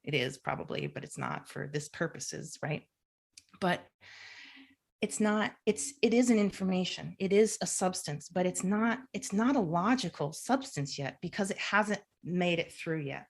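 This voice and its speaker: A woman's voice: on the low side, a little slow. A woman, a clinical social worker, being interviewed on a podcast; she explains at length, often restarting sentences and acting out inner voices. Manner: animated, acts out inner self-talk.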